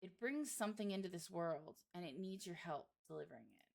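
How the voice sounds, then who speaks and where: A woman's voice: fairly low pitch, expressive, a little fast, creaky. A woman streamer reading a horror visual novel aloud, breaking off for wry, sarcastic asides.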